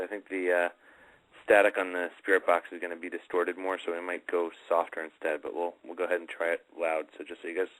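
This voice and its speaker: A male radio host with a low, deep voice and a bright, forceful edge. He talks casually and directly to his listeners in a live-show manner. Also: poor audio.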